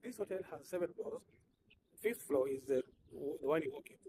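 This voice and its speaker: A man rambles through a comic personal story, his pitch sitting a bit high and leaping all over the place. He mocks himself and drifts into joking asides. A noisy hiss runs under the recording. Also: expressive, moderate pace. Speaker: humanitarian health worker and author. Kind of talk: casual comedic storytelling monologue.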